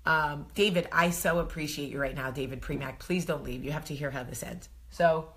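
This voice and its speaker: A woman in her thirties with a New Jersey accent, telling a story to camera in a casual vlog, animated and often laughing. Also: deep voice, brisk. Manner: animated, swings to loud exclaiming, laughs often. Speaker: vlog host.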